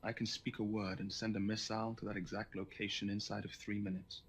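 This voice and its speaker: A man playing a calm, gravelly government agent. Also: on the low side, fairly quick, slight background noise, lightly acted. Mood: cold. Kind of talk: film dialogue.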